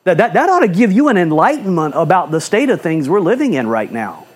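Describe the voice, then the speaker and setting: A man's voice: high voice, big pitch swings, brisk, husky. A male pastor preaching a fiery sermon in a church, firing off rhetorical questions and repeating phrases for emphasis.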